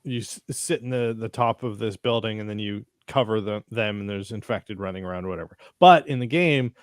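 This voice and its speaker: A man co-hosts a podcast in loose, casual conversation, rambling, swearing freely and often trailing off into fillers. His voice is lowish and his pace brisk. The studio sound is clean, with no room sound.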